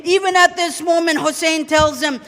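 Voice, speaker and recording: A man's very high, bright, forceful voice rises into shouts and chanted Arabic lines as he preaches a mourning sermon. He is recorded in a large hall, and a long reverb trails after each phrase. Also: fairly even intonation, moderate pace. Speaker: sheikh. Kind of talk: Ashura majlis sermon.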